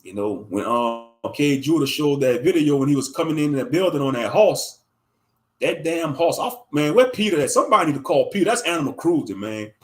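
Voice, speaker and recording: A man's voice: on the high side, animated, fairly quick. A man in his thirties giving a profane, mocking, rambling commentary on a livestream. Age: 30s.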